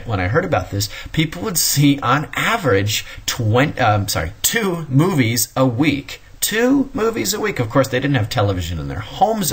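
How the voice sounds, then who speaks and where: A man's voice: medium pitch, fairly bright tone, husky. A man giving a recorded history lecture in a conversational way, wandering into asides and correcting himself as he talks. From American Midwest. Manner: conversational, digressive, self-correcting.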